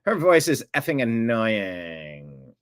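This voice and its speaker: A man's voice: medium pitch, big pitch swings, slow, smooth. A man hosting a commentary show, reacting to a video clip in a sarcastic, mocking way.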